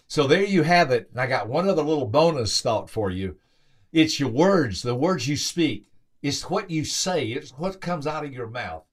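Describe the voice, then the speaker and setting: Pitched on the high side and moving at a moderate pace, this man hosts a podcast and shares a motivational story full of emphatic repetition. He is a motivational speaker who brings quoted voices to life with lively lifts.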